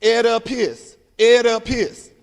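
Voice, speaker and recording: A man's voice: extremely high pitch, fairly even intonation, takes it slowly, gravelly, pitched above the performer's own voice, exaggerated voice. A man voicing schoolboys hamming up a stage reading in an overblown mock-Shakespearean way. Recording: long hall reverb.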